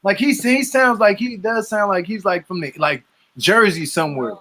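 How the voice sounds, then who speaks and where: Laid-back slangy man, high bright voice. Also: normal speed. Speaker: co-host reacting to a reality show. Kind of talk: casual chat.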